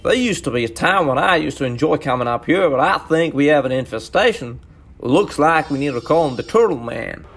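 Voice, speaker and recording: A man voicing a gruff rural Texan man with a put-on Texan accent and a gravelly voice. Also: on the high side, animated, brisk, a bit bright, full character voice. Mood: grumbling.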